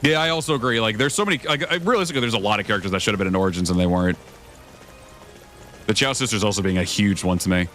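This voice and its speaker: Faint music plays behind a young streamer whose somewhat low, slightly bright voice races along. His casual gameplay commentary to viewers is full of swearing, and he rambles from one thought to the next.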